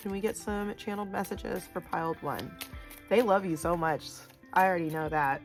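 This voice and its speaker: A woman giving a casual pick-a-card tarot reading, chatty and loud, with lots of "like" and "you know". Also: fairly low pitch, moderate pace, faint music behind. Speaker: tarot reader.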